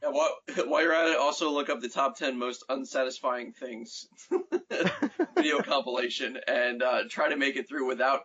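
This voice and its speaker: A man's voice: mid-range voice, big pitch swings, moderate pace, fairly bright tone. Joking man on a lo-fi podcast. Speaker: podcast co-host. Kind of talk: casual chat. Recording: dull lo-fi.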